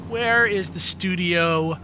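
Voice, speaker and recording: A man's voice: high-pitched, slow, a little hiss or hum. A man hosting a let's play, joking and swearing freely in casual banter. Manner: animated, jokey, swears freely. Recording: game music loud under voice.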